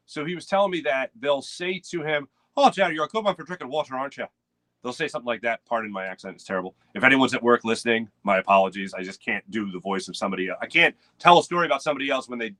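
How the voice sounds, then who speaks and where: Philly sports host, male, bright slightly high voice, loose and rambling, dry close home-studio mic. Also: no room sound. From United States. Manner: rambling, chatty, reads out chat names. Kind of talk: casual live morning sports show.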